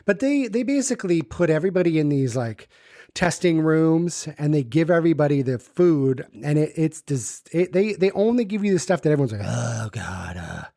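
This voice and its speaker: A man's voice: a little high, lively intonation, brisk, mellow, no room sound. Rambling, foul-mouthed man, dry sound. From United States. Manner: rambling, swears freely, acts out quoted voices. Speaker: podcast co-host. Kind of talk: casual chat.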